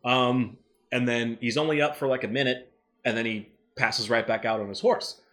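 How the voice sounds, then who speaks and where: A man co-hosting a casual review chat, animated and quick to act out lines from scenes. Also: medium pitch. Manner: animated, acts out character lines. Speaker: show co-host.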